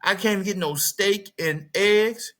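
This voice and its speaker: A man's voice: measured pace, fairly bright tone. A man putting on a mocking voice of a complaining, tired working wife. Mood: whining. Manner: whiny, mocking, high-pitched.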